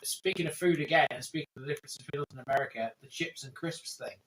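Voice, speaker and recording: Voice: medium pitch, quick pace, fairly bright tone, poor audio. An English co-host chatting casually, blunt and opinionated with a joking edge. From England. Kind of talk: casual chat.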